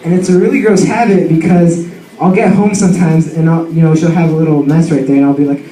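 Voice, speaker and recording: A young man telling a funny story about his dog in an animated, slangy way full of fillers. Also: on the high side, fairly quick. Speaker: student storyteller. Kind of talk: comic personal storytelling. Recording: roomy sound from a distant mic.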